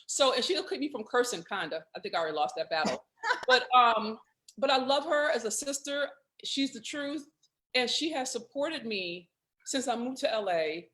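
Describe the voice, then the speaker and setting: A woman's voice: on the high side, a bit bright. A woman hosting a live video conversation, joking and emotional, her voice catching with feeling. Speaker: host.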